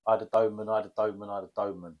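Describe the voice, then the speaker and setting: A man's voice: lowish voice, racing, lo-fi sound, crowd noise. A man co-hosting a podcast, telling a story in casual banter, swearing and laughing. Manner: swearing, laughing, animated anecdotes. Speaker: podcast co-host.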